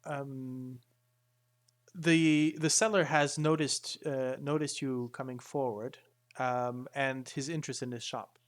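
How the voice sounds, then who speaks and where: Halting man narrating a tabletop game. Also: mid-range voice, steady tone. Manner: halting, full of fillers and restarts. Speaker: game master.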